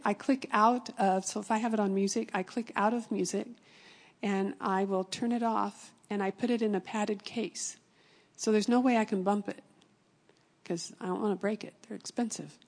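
Middle-aged woman preaching, earnest, soft husky voice, big echoey hall. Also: mid-range voice. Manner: earnest, drops into whispers for emphasis. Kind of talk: sermon with personal testimony. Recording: long hall reverb.

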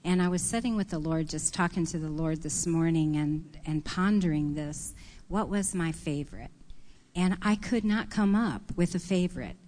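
A woman on a church panel calmly telling a story in a thoughtful, unhurried way. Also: deep voice. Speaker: panelist, prophetic minister. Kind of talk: reflective storytelling.

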